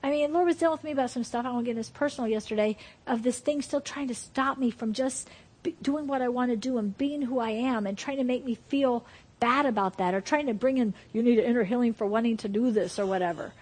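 A woman preaching an informal sermon to a group, telling personal stories in an animated, emphatic way. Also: a little high, fairly quick.

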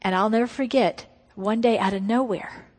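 Woman preacher, testimony sermon, emphatic storytelling, hushed moments, mid voice, long reverberant hall. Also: medium pitch, moderate pace.

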